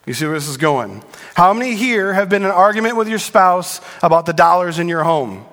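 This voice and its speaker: A middle-aged male pastor preaching to his congregation, animated and joking with the crowd. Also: high voice, brisk. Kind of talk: sermon. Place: church sanctuary. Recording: long reverb in a large hall.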